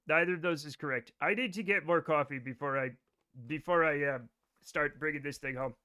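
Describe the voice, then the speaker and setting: High, bright-voiced joking male streamer. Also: a little fast, clear, resonant tone. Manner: joking, profane, rambling talk to chat. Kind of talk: live gameplay stream chatter.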